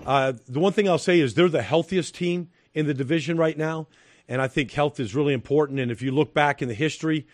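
A man's voice: a little high, fairly quick, dry recording. A middle-aged man giving football analysis as a studio guest, talking emphatically with repeated phrases and fillers. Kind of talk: studio sports analysis chat.

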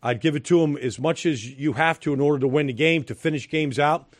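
As a studio guest in a sports analysis chat, a middle-aged man breaks down football emphatically, repeating phrases and using fillers. His voice is fairly high and brisk, recorded dry.

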